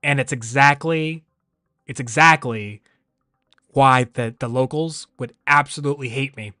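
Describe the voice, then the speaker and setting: A man chatting casually on a livestream, rambling and animated, often laughing. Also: medium pitch, measured pace, no echo, studio quality. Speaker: streamer.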